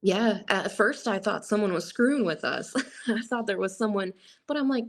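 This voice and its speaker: A woman's voice: medium pitch, lively intonation, moderate pace. A woman guest recounting a personal encounter in a rambling way, full of "like" and quoted asides.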